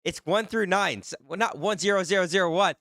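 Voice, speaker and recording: A man hosting a livestream in casual, excitable chat. His voice sits a little high, and he sounds flustered as he teases the viewers. The sound is dry and close, with no room echo. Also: fairly quick. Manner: flustered and excitable, laughing often, teasing viewers. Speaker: livestream host reading chat. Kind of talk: casual live-stream chat.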